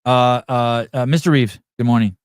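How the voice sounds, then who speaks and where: A middle-aged podcast host with a mid-range, clean voice talks at normal speed with fairly even intonation. In a crude, off-the-cuff livestream chat, he rambles profanely while reading out chat comments, with dry, clean studio sound.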